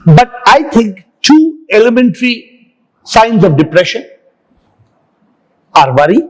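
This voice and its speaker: A man speaking in a slow, emphatic motivational way. He hammers points home by repeating lines and spelling out acronyms, in a fairly high voice. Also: poor audio. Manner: repetitive, punchy wordplay and acronyms. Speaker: guest speaker on the mind and life.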